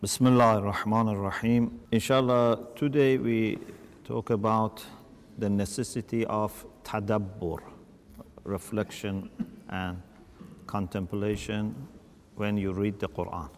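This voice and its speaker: A man's voice: lowish voice, steady tone, takes it slowly, in a large hall, a little hiss or hum. A man giving an earnest religious talk on reflecting while reading scripture. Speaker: lecturer.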